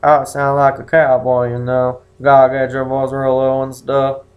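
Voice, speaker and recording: A young man voicing a cowboy, pushing his voice down into a forced low drawl. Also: completely flat delivery, unhurried, muffled recording, lightly acted. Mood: mock-macho.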